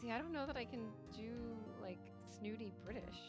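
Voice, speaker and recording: A woman co-hosting a game stream, chatting in a relaxed, easy way. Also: on the high side, brisk, music in the background. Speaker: co-host streamer. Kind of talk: casual chat on a game stream.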